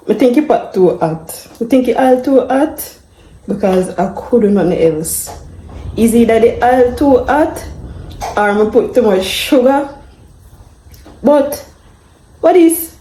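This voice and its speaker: A woman's voice: a little high, slow, mellow, reverberant, a little hiss or hum, poor audio. A woman chatting casually while cooking, laughing at herself as she goes. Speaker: home cook vlogger. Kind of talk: casual cooking vlog chat.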